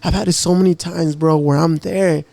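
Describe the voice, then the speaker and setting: A man's voice: fairly high pitch, steady tone, normal speed, creaky, warm tone, dry recording. A man co-hosting a podcast, talking casually and emotionally about faith, calling his co-host "bro" and "dude". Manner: emotional, repeats "bro" and "dude", acts out God's words.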